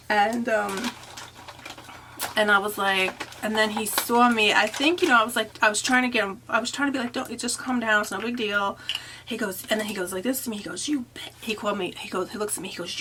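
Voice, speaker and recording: Chatty woman telling a story, faint hiss. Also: medium pitch. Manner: chatty, animated retelling with many fillers. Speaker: makeup artist and vlogger. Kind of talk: casual storytime.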